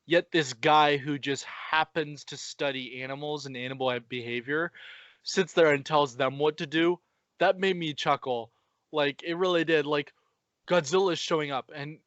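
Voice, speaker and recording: A man co-hosting a podcast, chatting casually with an animated, profane, joking way of retelling scenes. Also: a little high, normal speed, no echo, lo-fi sound. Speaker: podcast co-host. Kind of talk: casual chat.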